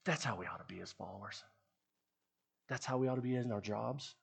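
A man's voice: lowish voice, brisk, creaky, long pauses, husky. A man who leads a youth ministry, giving an earnest, conversational sermon to the people who support it. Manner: earnest, conversational preaching with restarts.

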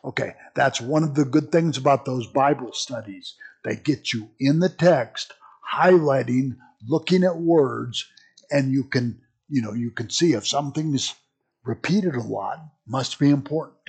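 Male Bible study teacher, slow and husky, rambling asides. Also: mid-range voice, a little mellow.

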